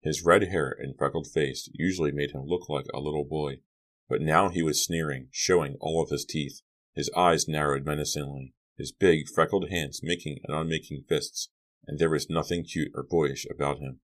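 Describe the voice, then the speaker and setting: A man narrating a young-adult horror novel as an audiobook reader, steady and dramatic. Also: extremely low pitch, normal speed. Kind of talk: scripted narration.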